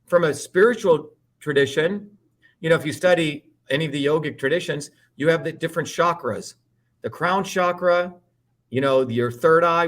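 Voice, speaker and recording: A man talks as a guest in a heated political interview, with a fairly high voice. He rants hard, swears freely and hammers points home with repeated rhetorical questions. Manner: emphatic, profane ranting with repeated rhetorical questions.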